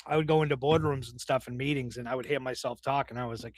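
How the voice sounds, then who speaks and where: A man's voice: medium pitch, little pitch movement, fast, no echo. A man with a Boston accent hosting a podcast interview, talking in an upbeat, emphatic, punchy way. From Dorchester, Massachusetts. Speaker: podcast host.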